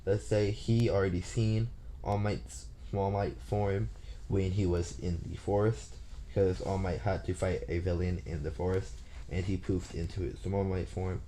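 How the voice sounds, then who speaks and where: Male storyteller, deep and mellow voice, loosely improvising a fan story while working out the plot aloud. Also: a little hiss or hum. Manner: thinking aloud, plotting as he goes. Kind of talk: casual improvised story retelling.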